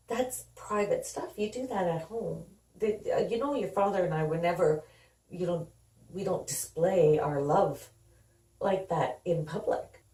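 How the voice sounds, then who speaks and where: A woman's voice: on the low side, dark tone. Middle-aged mother recounting family stories. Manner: conversational, reenacts dialogue. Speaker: guest. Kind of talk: candid personal storytelling. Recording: roomy sound, distant from the mic.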